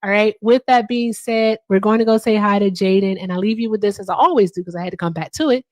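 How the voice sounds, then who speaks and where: A woman's voice: mid-range voice, fast, dry recording. A woman hosting a casual livestream. She is chatty and upbeat, says "all right" often and swears casually. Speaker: livestream host.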